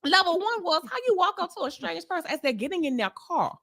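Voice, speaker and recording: A woman, co-hosting a casual chat show and telling a blunt, animated story with frequent laughter. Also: very high-pitched, quick pace. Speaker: podcast co-host.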